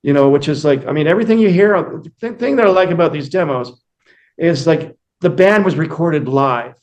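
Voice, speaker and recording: A man's voice: on the high side, animated, fairly quick, darkish tone, muffled recording. Rambling man telling band stories. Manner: rambling anecdotes with many fillers and acted-out quotes. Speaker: interview guest, musician. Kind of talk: casual storytelling interview.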